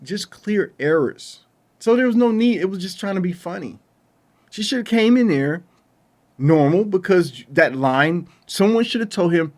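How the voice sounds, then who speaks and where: A man's voice: high-pitched, darkish tone. A man giving a casual spoken film review, exasperated and ranting, with loose colloquial phrasing and frequent restarts. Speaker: movie reviewer.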